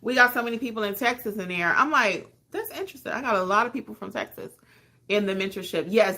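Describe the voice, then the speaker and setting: A woman hosting a live stream, reading out viewer comments and answering them in a warm, chatty, emotional way with sudden excited jumps in pitch. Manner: calls listeners honey and hon. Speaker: podcast host.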